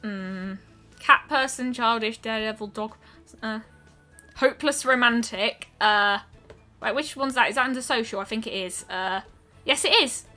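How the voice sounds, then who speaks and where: With a bright, slightly high voice, a woman talks her way through a game stream in casual gameplay commentary. She's chatty and musing, often pausing on an "um" or trailing off before finishing a thought. Soft game music plays behind her.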